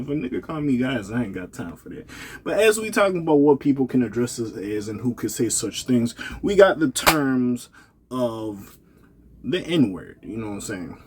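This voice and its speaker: A man with a mid-range, sing-song, slightly rough voice delivers casual, rambling vlog commentary a little fast. He's loose and slangy, laughing, correcting himself, and sounding tired as he yawns.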